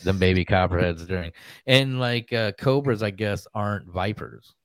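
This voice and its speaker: A man on a podcast, chatting in a relaxed, offhand way. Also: fairly low pitch, moderate pace, no room sound. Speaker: podcast guest. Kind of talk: casual chat.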